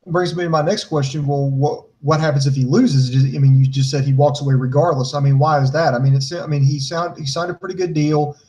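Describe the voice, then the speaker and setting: A man giving wrestling news in a relaxed, conversational way, then setting up pointed questions for his co-host. His voice is a little higher than most men's. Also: a little fast, hardly any pauses. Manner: newsy, sets up questions for the host. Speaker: podcast co-host. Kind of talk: casual wrestling chat.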